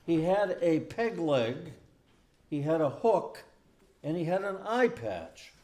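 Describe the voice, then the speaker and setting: A man's voice: fairly high pitch, very animated, slow pace, darkish tone. An older man from the Boston area, a minister, telling jokes on stage in a folksy, self-deprecating way with hesitant restarts. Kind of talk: stand-up joke telling. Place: community hall stage.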